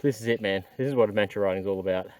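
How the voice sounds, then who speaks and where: A man's voice: on the low side, racing, darkish tone, dry recording. An exhausted man, talking casually to an action camera while riding a motorbike outdoors. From Australia. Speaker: adventure motorcycle vlogger. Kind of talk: casual vlog narration. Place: outdoors on a dirt trail.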